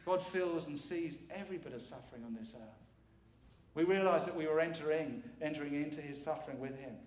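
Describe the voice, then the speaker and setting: Middle-aged guy preaching, earnest, repeats stuff for emphasis, slightly high voice, echoey church mic. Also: a little fast, a little mellow. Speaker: guest preacher. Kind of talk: sermon. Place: church sanctuary.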